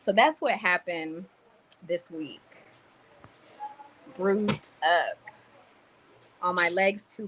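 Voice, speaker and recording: A woman's voice: on the low side, a little hiss or hum, low-quality recording. A woman hosting a casual livestream, reading viewer comments aloud and tossing in Spanish words as she talks. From Cuban roots. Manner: animated, mixes Spanish words into talk. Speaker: livestream host. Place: in a store in the Dominican Republic.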